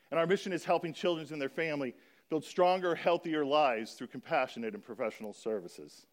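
A man on the high side of the vocal range talks to a church congregation about a children's charity, explaining things and reading scripture slowly in an earnest way.

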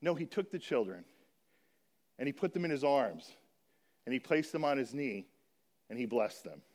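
A man speaking to a church congregation about a children's charity, explaining and slowly reading scripture aloud in an earnest manner. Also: medium pitch, big pitch swings, darkish tone.

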